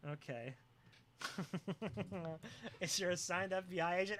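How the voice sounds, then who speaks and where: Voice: medium pitch, slow, a bit bright, a little hiss or hum. A live streamer chatting casually with viewers, joking, teasing and often breaking into laughter.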